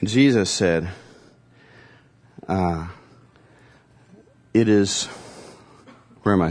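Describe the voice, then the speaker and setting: Male pastor, lowish voice, conversational sermon, dramatic pauses. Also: darkish tone.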